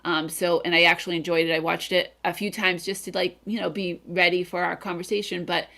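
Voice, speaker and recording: A woman's voice: on the low side, a little fast, creaky. A woman hosting an English-learning channel, chatting casually with lots of "like" and "um". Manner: relaxed, many fillers like "like" and "um". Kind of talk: casual conversation.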